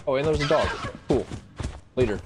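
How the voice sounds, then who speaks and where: A man's voice: mid-range voice, lively intonation, normal speed, noisy background. A young man from the American South streaming a game, joking and swearing as he talks to himself and his chat. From Southern United States. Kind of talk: casual gaming stream commentary. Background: game music.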